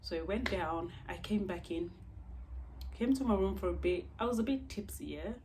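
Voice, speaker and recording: A young woman vlogger telling a story in an expressive, emphatic way. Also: lowish voice, normal speed, slight background noise. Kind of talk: storytime vlog.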